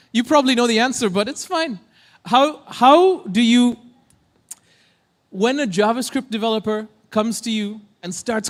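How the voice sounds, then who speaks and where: A man hosting a tech conference on stage, joking and chatting playfully with the crowd. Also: high-pitched. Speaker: conference emcee. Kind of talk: casual stage banter.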